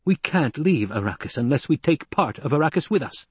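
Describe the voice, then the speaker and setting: A man's voice: a little high, big pitch swings, brisk, breathy edge, dry recording, pitched above the performer's own voice, heavily acted. Man voicing a tense, bitter young man. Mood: bitter, intense. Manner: intense, rising to hysteria. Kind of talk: audiobook character reading.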